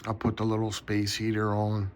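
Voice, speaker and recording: A man's voice: fairly low pitch, completely flat delivery, normal speed, a little hiss or hum. A tired man rambling casually in a late-night vlog from his bedroom, yawning often. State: sleepy. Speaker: knife collector vlogger.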